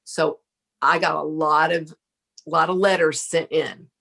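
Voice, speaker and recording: A middle-aged woman, a podcast guest, telling a lively story, laughing often and acting out what people said. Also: deep voice, measured pace, gravelly. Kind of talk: casual storytelling interview.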